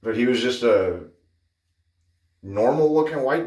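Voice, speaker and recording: A man's voice: medium pitch, a little slow, pauses often, recorded from a distance. A man hosting a wet shaving video, chatting casually and drifting off topic as he tells stories. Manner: chatty, digressive, animated when telling stories. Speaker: wet shaving channel host. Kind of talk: casual rambling chat. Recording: roomy sound from off-mic.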